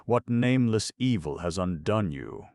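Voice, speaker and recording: A man's voice: fairly low pitch, animated, normal speed, darkish tone, no room sound, clean studio sound, pitched above the performer's own voice. A man voicing a tearful young woman who pleads and reproaches in an emotional, raised voice. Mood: anguished.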